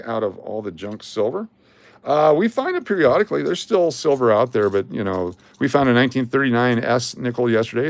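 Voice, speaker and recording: In a mid-range, creaky voice with no room sound, an older coin collecting streamer talks casually and cracks jokes. He sorts coins live, calling out their dates and mint marks.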